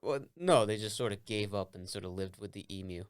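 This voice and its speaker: A man's voice: lowish voice, fairly quick, smooth. A man co-hosting a comedy podcast, telling a story in an easygoing way with amused asides. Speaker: podcast co-host. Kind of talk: casual comedic chat.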